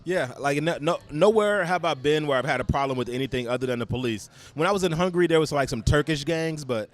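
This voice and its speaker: Soft music plays behind a fast, lively, slightly high male voice. The speaker, an American comedian on as a guest, bluntly spins brash and profane stories from the road during casual conversation.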